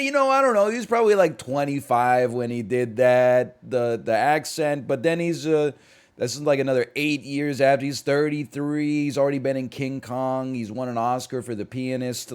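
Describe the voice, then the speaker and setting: A man from Canada, chatting casually on a live stream, reacting to chat and rambling through asides with sudden excited jumps. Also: mid-range voice, clear, resonant tone.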